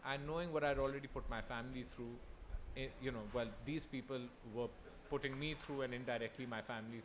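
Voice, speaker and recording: A young man from Pakistan telling his own story on a festival stage, earnest and halting, with many restarts. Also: mid-range voice, a bit bright, slight background noise. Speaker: festival speaker. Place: festival hall.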